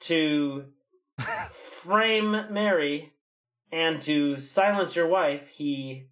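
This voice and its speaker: Slow lively game player. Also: mid-range voice. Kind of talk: casual game play.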